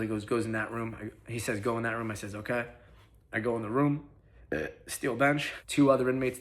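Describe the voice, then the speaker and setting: A man's voice: on the low side, fairly bright tone. A young man casually recounting a personal story in a profane, slang-heavy way, acting out the lines of the people in it. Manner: profane, slangy, quick retelling with acted-out quotes. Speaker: vlogger.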